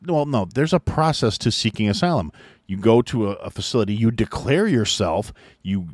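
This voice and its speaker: A man's voice: on the low side, darkish tone, no room sound, clean studio sound. A man hosting a podcast, delivering an angry, profanity-laced opinion rant. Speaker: podcast host.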